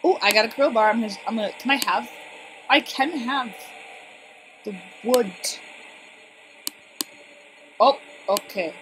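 A woman giving casual, excitable commentary on a game she is playing, chatting to her viewers. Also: on the high side, unhurried, pauses often, poor audio. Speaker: let's play gamer. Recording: steady background noise.

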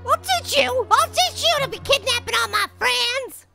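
A man voicing a tiny, cocky male cartoon apple with a sped-up, pitched-up voice, giving brash, giggly game commentary. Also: animated, normal speed, vocal fry, full character voice. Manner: brash, giggly, trash-talking. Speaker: gameplay commentator. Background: game music.

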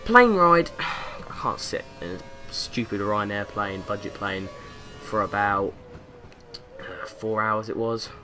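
A young Englishman, a gaming YouTuber, gives a rambling, jokey commentary over a racing game from his bedroom with the window open, his fairly low voice slow and fairly even in pitch. Music plays underneath, and he slips into silly voices now and then.

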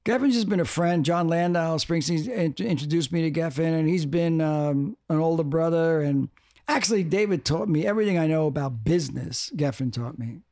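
A man's voice: on the high side, moderate pace, darkish tone, no echo, studio quality. An older man talking as a podcast guest, rambling, restarting and repeating for emphasis. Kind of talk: casual interview talk.

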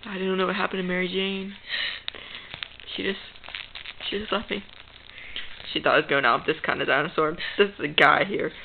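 A woman's voice: on the low side, fairly even intonation, a little fast, creaky, pauses often, noisy background. A woman voicing a goofy male Spider-Man who hosts a joking talk show, in a dull lo-fi home video. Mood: bossy. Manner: joking, bossy, giggly. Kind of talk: improvised comedy skit.

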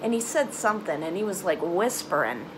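A young woman telling a personal story to camera in a halting, emotional way, trailing off into sighs and nervous laughs. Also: on the low side, sing-song, noisy background. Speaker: vlogger. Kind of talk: confessional storytime vlog.

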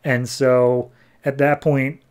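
A man with an average-pitched voice hosts a podcast and casually recaps comic book issues. He tells the stories animatedly and jumps into quick voices for the characters as he goes. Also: level tone, a little mellow. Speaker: podcast host.

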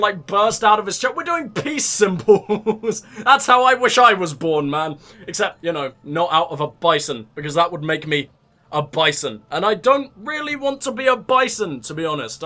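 A man's voice: sits high, sharp tone. A young man riffing sarcastically and crudely while commentating his gameplay. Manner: sarcastic, rambling, crude jokes. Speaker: let's play host.

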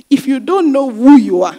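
A woman's voice: a little high, dark tone. A woman pastor preaching a sermon, repeating her key phrases for emphasis and asking the congregation rhetorical questions.

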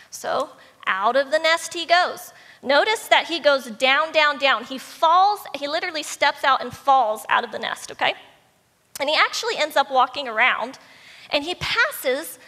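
Woman pastor, high bright voice, lively storytelling sermon, long church-hall reverb. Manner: animated, acts out animal voices in the story. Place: church sanctuary.

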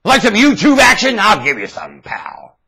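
Gravelly, husky man on a webcam rant: wildly swinging pitch, shouts then mutters. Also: wildly swooping pitch, moderate pace. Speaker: vlogger. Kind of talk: ranting monologue to webcam. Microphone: webcam mic.

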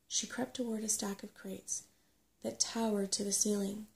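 Gentle woman doing an asmr bedtime story read, soft and slow, a bit of gravel in the voice. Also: mid-range voice, level tone. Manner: gentle and unhurried.

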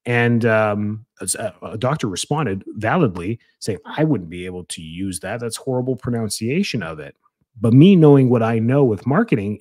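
A man's voice: mid-range voice, a little mellow, no echo. A man hosting a podcast as a chiropractor, talking casually and energetically, rambling with restarts and fillers.

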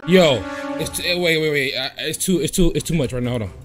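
A young man playing a horror game and commenting, often yelling and swearing at the game. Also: on the high side, brisk, music in the background. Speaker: gaming streamer. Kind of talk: gameplay commentary.

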